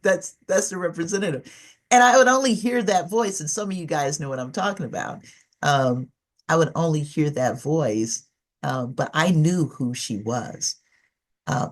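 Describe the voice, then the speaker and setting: A woman's voice: deep voice, darkish tone. A middle-aged woman giving a conversational presentation as a trainer in an online session, telling stories with animation and coaxing listeners to join in.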